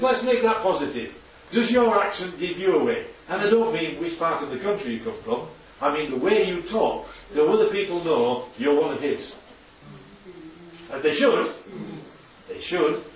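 A man's voice: a little high, animated, moderate pace, a little hiss or hum. A man preaching a chatty sermon with slides to his congregation, constantly checking in with tag questions. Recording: echoey hall, distant dull mic.

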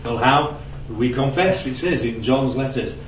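Speaking at medium pitch and a little slowly, this man delivers a sermon in a conversational style, questioning his listeners and telling anecdotes. The lo-fi audio is dull, distant and roomy, with faint ambience and a slight hiss or hum.

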